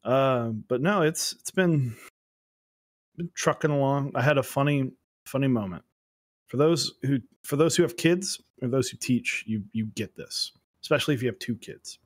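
Chill young guy rambling on stream, average pitch, acts out quotes. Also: moderate pace. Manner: laid-back storytelling, acts out quoted kids. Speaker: co-host. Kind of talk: casual chat on a livestream.

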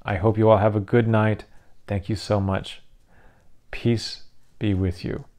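A man's voice: on the low side, flat delivery, unhurried, darkish tone. A tired, yawning man hosting his own channel, rambling casually with frequent restarts as he explains tabletop game rules. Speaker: YouTube channel host.

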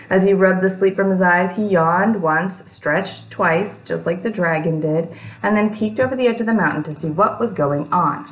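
A woman's voice: lowish voice, reverberant, rough recording. Woman reading a picture book aloud. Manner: chatty asides to young listeners. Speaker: aunt reading to children.

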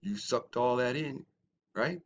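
A man ranting at critics in a response video, mocking and swinging from low muttering to loud shouting. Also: slow pace, highs cut off. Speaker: YouTuber. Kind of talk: confrontational response video rant.

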